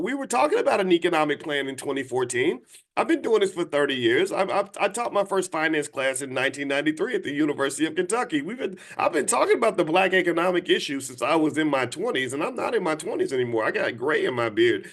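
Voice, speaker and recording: A man's voice: fairly high pitch, expressive, fast talker, a bit bright. Blunt, preachy man in his fifties. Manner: emphatic and direct, repeats and restarts, asks viewers for replies. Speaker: financial educator addressing viewers. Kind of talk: blunt preachy talk to a live audience.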